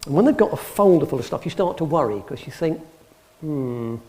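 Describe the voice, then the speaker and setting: A man's voice: a little high, animated, fast talker, darkish tone. A middle-aged English man, an antiques expert, giving a talk to a live audience in a public hall, telling dry humorous anecdotes and acting out the dialogue. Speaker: guest speaker, antiques expert.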